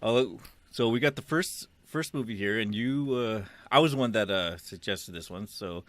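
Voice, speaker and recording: In a dry recording, a middle-aged podcast co-host with a fairly bright, lowish voice talks at normal speed. The casual chat rambles, with frequent laughter and easy swearing.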